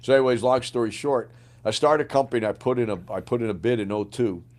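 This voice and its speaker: A middle-aged man, a former Green Beret sergeant major, telling his story in a casual podcast interview, profane and animated, acting out the lines of people he quotes. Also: medium pitch, fast talker.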